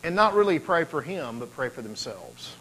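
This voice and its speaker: A man's voice: on the high side, sing-song, normal speed, a bit bright, rough recording. A man preaching a sermon, talking conversationally and building to emphatic peaks. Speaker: pastor.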